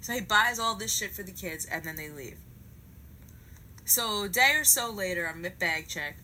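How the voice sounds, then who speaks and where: A woman telling a comic story in a profane, animated way, acting out each part. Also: mid-range voice, normal speed, a little hiss or hum, rough recording.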